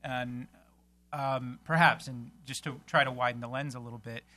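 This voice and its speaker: Bright-voiced male policy analyst. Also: mid-range voice, steady tone, normal speed. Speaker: panelist. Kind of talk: policy panel discussion.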